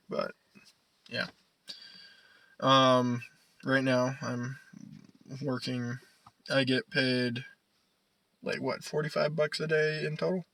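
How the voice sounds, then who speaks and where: A man's voice: fairly high pitch, sharp tone, low-quality recording. A young man co-hosting a podcast in casual chat, rambling, swearing and laughing often. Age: young adult. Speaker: podcast co-host.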